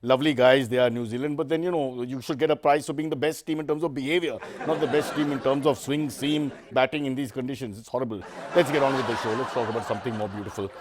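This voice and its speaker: A man's voice: medium pitch, fairly even intonation, fast, noisy background. A man hosting a satirical news comedy show, sarcastic and self-mocking.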